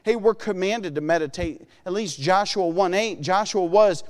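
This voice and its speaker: A man's voice: sits high, moderate pace. A man preaching a sermon in an earnest way, often acting out the voices he quotes. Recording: long hall reverb.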